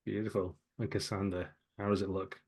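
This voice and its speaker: A man narrating scenes as game master of a tabletop game, in a lively storytelling way. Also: deep voice, brisk, husky.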